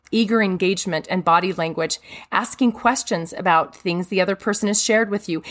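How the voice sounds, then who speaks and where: A woman who is a mother, giving an earnest, emphatic devotional talk with a warm manner. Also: medium pitch. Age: adult mother. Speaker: speaker.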